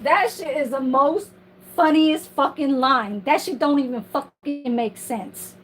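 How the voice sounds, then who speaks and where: A woman's voice: high voice, a little slow, a little hiss or hum, rough recording. A woman ranting on her livestream from home in a casual, heated, profane and rambling way.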